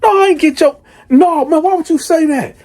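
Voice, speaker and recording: A man's voice: very high-pitched, fairly quick, darkish tone, voice pushed up. A man voicing a husband who insists, pleading, that he did nothing wrong. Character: pleading husband denying an accusation.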